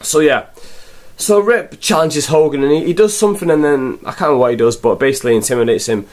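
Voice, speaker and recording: A man's voice: fairly high pitch, quick pace, darkish tone. A young man reviewing a film in a rambling, sarcastic, casual way. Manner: rambling, sarcastic, full of fillers.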